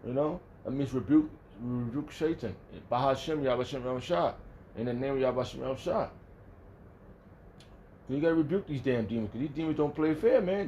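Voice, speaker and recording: A man giving a casual Bible study talk, rambling and restarting often, emphatic and profane, with sudden loud angry outbursts. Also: mid-range voice, a little fast, a little hiss or hum. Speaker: religious teacher.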